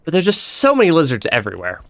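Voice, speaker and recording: Bright, lively young man streaming a game. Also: a little high, quick pace, dry recording, faint music behind. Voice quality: stammers and restarts often, laughs a lot. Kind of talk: casual let's-play commentary.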